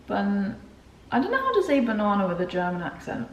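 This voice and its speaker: A woman's voice: mid-range voice, big pitch swings, unhurried, highs cut off. A young woman, chatting casually in a home vlog and sounding out German words as she corrects herself. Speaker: vlogger. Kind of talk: casual study vlog narration. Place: home bedroom, indoors.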